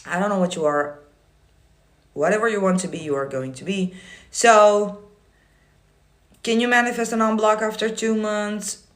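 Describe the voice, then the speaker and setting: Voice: medium pitch, steady tone, moderate pace, pauses often, fairly bright tone. A manifestation coach on a casual livestream, reading viewer comments aloud and answering them in a blunt, swearing, teasing way.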